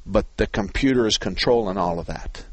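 A man's voice: lowish voice, brisk, no echo. A man hosting a call-in car-repair radio show, explaining things in a folksy, joking, rambling way.

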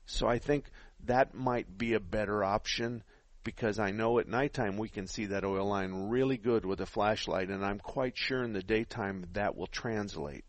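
Middle-aged male radio mechanic host, folksy and practical, low and dry, a bit winded on a headset. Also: no echo. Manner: folksy, practical, explains step by step. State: out of breath. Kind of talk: call-in radio advice. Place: radio studio.

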